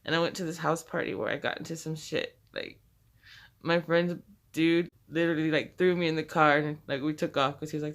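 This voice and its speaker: A woman's voice: low-pitched, level tone, brisk. A woman casually telling a personal story, rambling and profane, laughing often as she goes.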